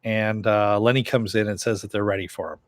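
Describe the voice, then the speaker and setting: A man's voice: lowish voice, fairly even intonation, brisk, no echo. A man casually recapping and reviewing a TV episode, rambling with frequent "uh" and "you know" fillers.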